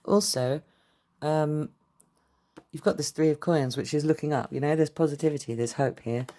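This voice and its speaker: Low-voiced chatty tarot reader woman. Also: moderate pace, warm tone. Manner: chatty, rambling, blunt with swearing. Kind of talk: casual tarot reading to camera.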